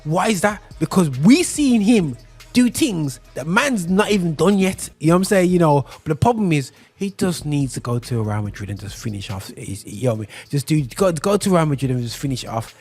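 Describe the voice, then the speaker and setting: A man's voice: on the high side, sing-song, brisk, darkish tone, slightly rough, faint music behind. A man hosting a casual football podcast, talking in a rambling way, repeating "bro" and restarting his sentences. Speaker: podcast host.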